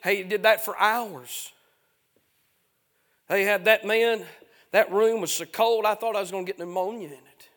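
A man preaching a fiery revival sermon, chanting his phrases with frequent "uh" fillers and swinging between shouted passages and hushed stretches. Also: high voice, steady tone, normal speed, pauses often.

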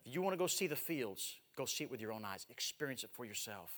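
A man in his forties preaching a missionary sermon, swinging from loud exhortation to hushed, drawn-out words. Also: mid-range voice, very animated. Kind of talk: evangelistic sermon with live demonstration. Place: large church sanctuary. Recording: echoey church hall.

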